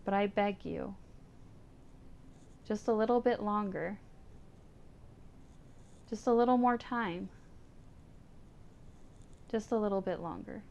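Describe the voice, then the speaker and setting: A woman reading as a grieving cat owner, gently pleading. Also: medium pitch, takes it slowly, vocal fry, pauses often, lo-fi sound. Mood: tender. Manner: soft, tender, pleading. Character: grieving woman saying goodbye to her old cat. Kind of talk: reading visual novel text aloud.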